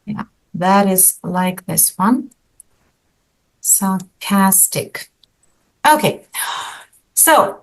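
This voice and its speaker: A woman English teacher leads an online lesson, her voice a touch high and her pace unhurried. She patiently draws answers out of her students over a video call. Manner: patient, encouraging, asks students questions.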